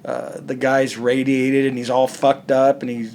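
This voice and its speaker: A man's voice: mid-range voice, level tone, a little slow, creaky, a little mellow, a little hiss or hum. A man, a comic artist, talking bluntly and profanely in a casual interview, acting out quoted dialogue.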